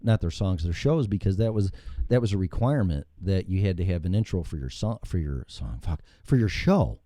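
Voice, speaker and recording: A talk show host with a low voice speaks briskly on a dry recording, using a studio mic and headphones. He tells rambling, profane stories with lots of animated energy in a casual style.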